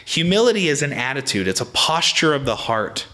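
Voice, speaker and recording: A man gives a sermon in an easygoing, conversational manner. His voice sits at a middle pitch with a bright, forward edge. He talks plainly and often restarts his sentences. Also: very animated, a little fast. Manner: casual, plain-spoken, with frequent restarts. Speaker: preacher.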